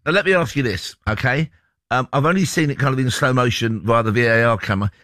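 Brisk, fast-talking sports radio host. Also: male voice, medium pitch, fairly bright tone, no echo. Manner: brisk, teasing, chatty.

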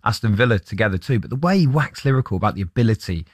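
A man hosting a sports radio show, firing off questions and building his points with quick asides. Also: on the low side, lively intonation, dry recording, clean studio sound.

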